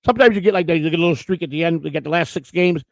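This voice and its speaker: A man's voice: a little high, rapid-fire, vocal fry, no echo, low-quality recording. A man co-hosting a casual livestream chat, telling long rambling stories and often repeating words. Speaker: co-host.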